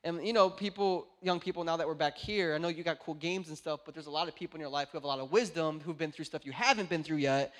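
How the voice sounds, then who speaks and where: A young man preaching a sermon in a church, moving between hushed storytelling and loud, shouted exhortation. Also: fairly high pitch, fast, few pauses. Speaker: pastor. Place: indoor church.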